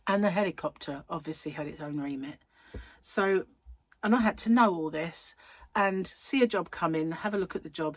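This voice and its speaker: Chatty woman, low-voiced. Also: dry recording. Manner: chatty, giggly, self-interrupting storyteller. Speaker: crochet channel host. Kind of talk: casual chat, rambling anecdote.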